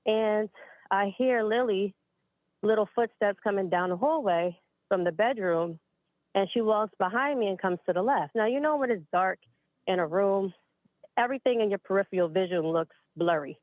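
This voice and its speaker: Breathy caller on a tinny phone line. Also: female voice, mid-range voice, normal speed, no room sound. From upstate New York. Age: late 20s. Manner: chatty, addresses listeners as you guys. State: a bit out of breath. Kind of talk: casual spooky storytelling.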